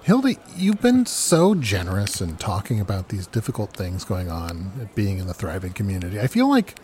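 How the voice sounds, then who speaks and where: A man's voice: lowish voice, wildly swooping pitch, normal speed, darkish tone. A man hosting an improv comedy show, asking playful, rambling questions. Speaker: host.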